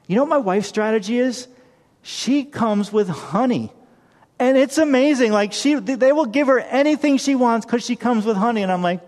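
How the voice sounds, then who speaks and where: Middle-aged guy preaching, high voice, jokey family stories, long hall echo. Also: expressive, normal speed, a little mellow. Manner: storytelling with humor, reading scripture aloud. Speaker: pastor. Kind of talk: sermon.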